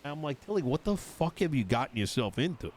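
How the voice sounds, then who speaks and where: A man's voice: medium pitch, big pitch swings, fast talker, darkish tone, a little hiss or hum. A man in character during an online roleplay, exasperated and swearing as he retells an argument with quoted dialogue. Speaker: roleplayer voicing a politician character.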